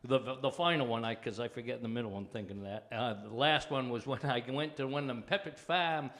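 An older man, a comedian, telling stories in a rambling, halting way during a casual studio chat. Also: mid-range voice, a bit bright. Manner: rambling, halting, many restarts. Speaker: comedian guest. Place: TV studio with live audience.

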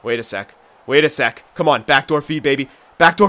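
A young man giving live commentary on his own video game, excitable and frustrated, swearing and shouting at his teammates. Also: medium pitch, fairly quick. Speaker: gaming video host.

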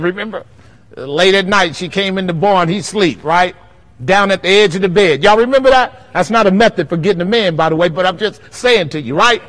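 An impassioned male pastor with a high-pitched voice preaches to his congregation and keeps checking that they follow. He swings from loud, soaring bursts down to low, hushed passages. The sound carries a long reverb from a church hall. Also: brisk. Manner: impassioned preaching with call-and-response questions. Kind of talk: sermon at a Bible study.

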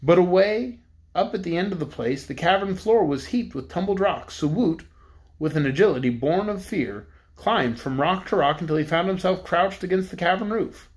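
Man reading a storybook, measured. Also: sits high, animated. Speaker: audiobook narrator.

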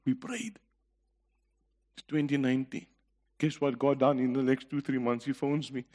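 A man's voice: medium pitch, fairly even intonation, moderate pace, long pauses, warm tone, big-room sound. A middle-aged man with a South African accent preaching a sermon as a guest speaker, telling stories with earnest conviction and laughing between points. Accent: South African English. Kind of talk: sermon with personal testimony.

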